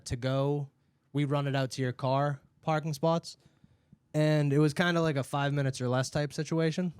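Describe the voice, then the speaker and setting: A man from Massachusetts co-hosting a podcast, telling a story in casual chat, animated and full of swearing. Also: mid-range voice, clean tone, no echo. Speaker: podcast co-host.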